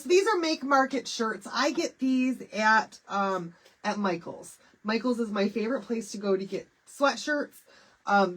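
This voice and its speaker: A woman's voice: on the high side, slightly rough. A middle-aged woman from Michigan hosting a casual live craft stream, nasal and stuffy from a head cold, chatty and bubbly as she greets viewers by name. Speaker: craft livestream host.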